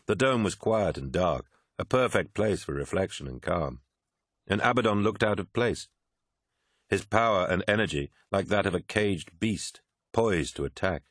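Deep, husky male narrator. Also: lively intonation, normal speed, no room sound, studio quality. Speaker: audiobook narrator. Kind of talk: dramatic audiobook narration.

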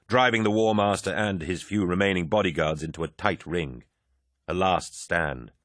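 A man narrating an audiobook in a measured, dramatic storytelling manner. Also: low-pitched, a bit bright, no room sound, studio quality.

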